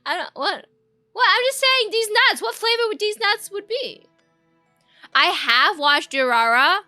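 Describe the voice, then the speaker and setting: A young adult woman chats casually on a live stream, her voice high and bright. She rambles easily from one thought to the next and answers viewers in a relaxed, chatty way. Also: measured pace, no room sound, faint music behind. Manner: chatty, rambling, reacts to chat with squeals and laughs.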